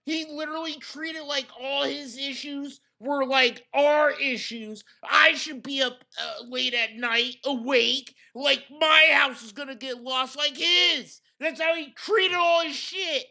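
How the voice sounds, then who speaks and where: A man streaming a reaction video, commenting with angry, mocking profanity and outbursts of shouting. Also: very high-pitched, steady tone, takes it slowly, gravelly, few pauses.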